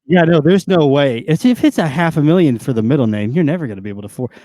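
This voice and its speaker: A man's voice: a little high, lively intonation, fast talker, warm tone, no room sound, clean studio sound. A young man co-hosting a podcast, joking and rambling in casual chat, laughing often. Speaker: podcast co-host.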